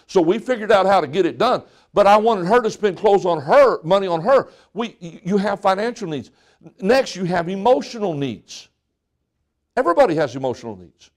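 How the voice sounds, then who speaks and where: High-voiced man preaching a sermon. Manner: folksy, joking, acts out people's lines. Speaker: pastor.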